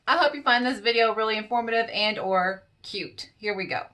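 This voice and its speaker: Tired, playful woman vlogger with a bright voice. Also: a little high, fairly quick. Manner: playful, teasing, talks straight to the cats in the pictures. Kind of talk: casual vlog commentary over pictures.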